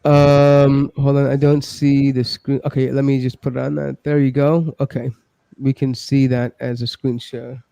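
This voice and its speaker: Measured, mellow male moderator. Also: mid-range voice, little pitch movement, gravelly, clean tone, no room sound. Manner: measured, hesitant with fillers. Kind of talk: moderating a debate.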